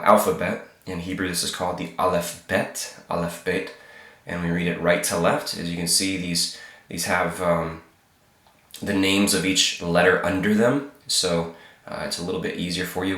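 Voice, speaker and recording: A man's voice: low-pitched, fairly bright tone, reverberant. A man teaching the Hebrew alphabet in a patient, repetitive way, sick with a cold that shows in his voice, checking in with "okay?" after each point. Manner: patient, repeats each sound, frequent "okay?" check-ins. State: sick, slightly hoarse. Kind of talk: informal alphabet lesson.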